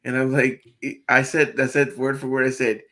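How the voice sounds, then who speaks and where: A man co-hosting a podcast, telling stories in an earnest, excited way with laughs. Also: mid-range voice, normal speed. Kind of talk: casual chat.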